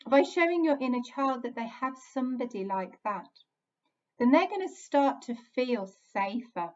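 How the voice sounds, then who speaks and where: Gentle woman, slightly high voice. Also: lively intonation, moderate pace. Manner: gentle, soothing, speaks in short repeated phrases. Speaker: inner child healing coach. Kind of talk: earnest self-help talk. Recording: dull lo-fi sound.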